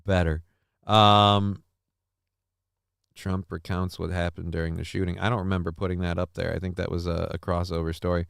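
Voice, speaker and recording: A man's voice: low-pitched, level tone, moderate pace, gravelly, a bit bright, smooth, dry recording, clean studio sound. A man hosting a casual live-streamed talk show, rambling, chatting with viewers and reading news, wiped out and fuzzy. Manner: rambling, chats with viewers, reads news aloud. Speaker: show host.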